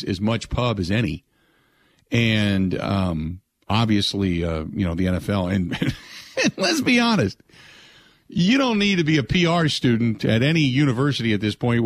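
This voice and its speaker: A man hosting a sports talk radio show, chatting casually and mimicking others in exaggerated voices. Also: no echo. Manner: animated, mocks others in high put-on voices.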